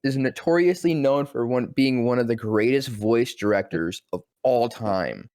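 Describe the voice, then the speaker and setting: A young man tells a story with excitement, jumping into different voices as he quotes people. He swears casually, and his voice sounds dry and close to the mic. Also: mid-range voice, a little slow, no room sound. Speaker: voice actor guest. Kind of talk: animated storytelling interview.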